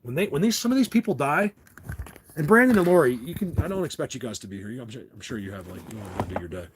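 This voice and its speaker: A man's voice: mid-range voice, animated, fast, noisy background. A man hosting a casual livestream, rambling and ranting to his viewers with frequent restarts. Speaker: livestream host.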